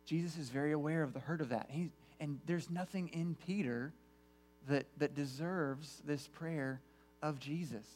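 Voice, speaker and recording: A man's voice: a little high, moderate pace, darkish tone, a little hiss or hum. A man preaching a sermon to his congregation in an earnest way, often repeating words as he restarts phrases. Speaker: pastor.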